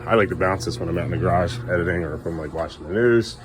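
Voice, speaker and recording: A man's voice: deep voice, very fast, noisy background. A man filming a casual home vlog, coaxing his kids along and talking to the camera. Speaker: parent vlogger. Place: family home kitchen.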